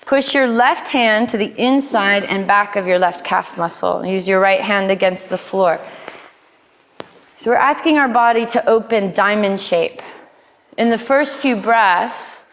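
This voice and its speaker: A woman's voice: medium pitch, a bit bright. Playful woman teaching yoga, reverberant studio. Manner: playful, cueing poses with quick asides. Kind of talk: live yoga class instruction. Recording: long hall reverb in studio.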